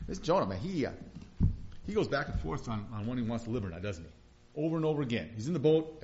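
A man's voice: medium pitch, big pitch swings, quick pace, a little mellow. A man preaching a sermon in a conversational way, chuckling now and then and rising into emphatic bursts. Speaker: pastor. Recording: dull lo-fi sound.

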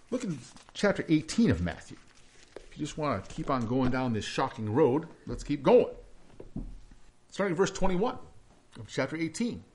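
Male pastor, slightly high voice with lively swings, reading scripture with hushed asides. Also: slight background noise.

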